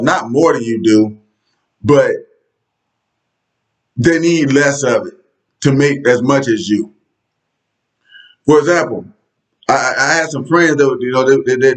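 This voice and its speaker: A man's voice: medium pitch, low-quality recording. A man giving a casual political rant straight to his viewers, blunt, profane and sarcastic in tone. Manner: conversational, addresses viewers directly. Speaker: political commentary vlogger.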